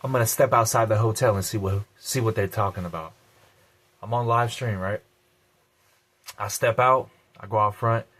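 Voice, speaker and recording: A man with a slightly low voice tells his own story straight to the camera. He talks bluntly in casual slang, with the odd curse. He repeats his key lines for emphasis. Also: fairly even intonation, moderate pace, pauses often, a bit bright. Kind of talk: emotional personal storytelling.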